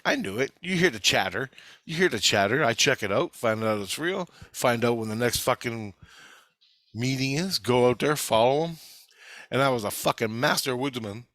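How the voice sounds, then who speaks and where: A man's voice: mid-range voice, a bit bright, no room sound. A man telling past-life memories in a rambling, profane, intense monologue. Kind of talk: casual spoken monologue.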